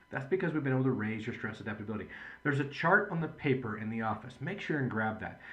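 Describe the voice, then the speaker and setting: A man's voice: medium pitch, highs cut off. A man speaking as a chiropractor in a patient education video, in an earnest, conversational storytelling manner.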